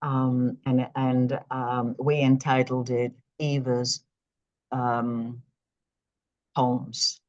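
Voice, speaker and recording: A woman's voice: extremely low pitch, flat delivery, very slow, darkish tone, highs cut off. A woman translator introducing a poem at a poetry reading, speaking hesitantly with many fillers.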